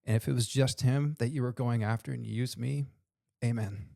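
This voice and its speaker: A man's voice: medium pitch, fairly even intonation, a little fast, creaky, warm tone, no room sound, studio quality. A man co-hosting a podcast, talking earnestly about faith and calling his guest "dude" and "man". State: tearful while telling a story. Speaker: podcast co-host. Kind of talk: casual podcast conversation.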